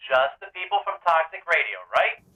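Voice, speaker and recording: A man's voice: a little high, a little fast, lo-fi sound, pitched above the performer's own voice, natural voice. An announcer putting on the voice of an exasperated male producer who interrupts in an incredulous, bossy way.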